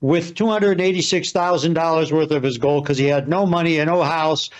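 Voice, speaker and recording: A man telling a chatty story in an advertisement, his voice sitting fairly high. The audio sounds dull and lo-fi. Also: fairly even intonation, a little fast. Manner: chatty anecdote. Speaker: business owner in an ad. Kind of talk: ad testimonial story.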